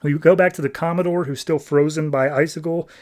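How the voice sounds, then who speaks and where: A man's voice: on the high side, steady tone, a little mellow. A man hosting a podcast, casually recapping a comic book issue in a loose, chatty way, often saying "like" and paraphrasing the characters. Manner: loose, chatty retelling with frequent "like" and quick paraphrased quotes. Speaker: podcast host reviewing comics.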